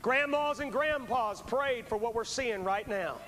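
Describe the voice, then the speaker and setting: A man's voice: very high-pitched, unhurried, a bit bright. A man preaching as an evangelist at a revival service, fervent and urgent, repeating his phrases as he pleads with the crowd, on a poor VHS recording from a large church. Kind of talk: revival sermon with altar call. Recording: poor VHS recording with long hall reverb and faint hiss.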